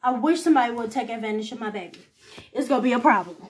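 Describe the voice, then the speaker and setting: Animated high-voiced teenage girl storyteller. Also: racing. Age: teens. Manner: animated, acts out quoted voices with big pitch jumps; colloquial, rambling with restarts. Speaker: podcast host. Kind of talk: casual storytelling rant.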